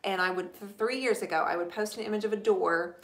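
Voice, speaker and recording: Talking fast in a medium-pitched voice, a woman runs a relaxed live stream where she warmly answers viewers' furniture-painting questions and thanks each one by name. Her room has a noticeable echo.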